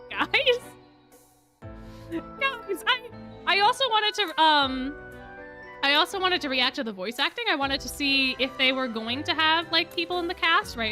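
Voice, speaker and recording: A young woman chats to her stream on a desk mic, her voice high and bright and swinging all over the place. She gushes like an excited fan and keeps repeating herself. Faint music plays underneath. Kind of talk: casual reaction chat.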